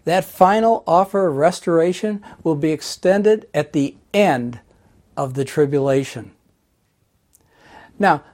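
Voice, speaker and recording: A man preaching a sermon, teaching slowly and deliberately through Bible passages. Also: fairly high pitch, darkish tone. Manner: slow, deliberate Bible teaching with scripture readings.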